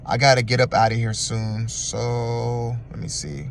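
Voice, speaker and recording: A man giving a casual, animated and slangy recap of a reality show. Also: mid-range voice, a little slow, creaky, noisy background. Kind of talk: casual commentary.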